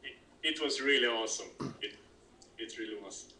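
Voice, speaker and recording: A man with a Swedish accent, interviewed over a video call, speaking in a halting way with many fillers and restarts. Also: mid-range voice, pushed and bright. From Sweden. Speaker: interview guest, kubb player. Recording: roomy call audio with faint noise.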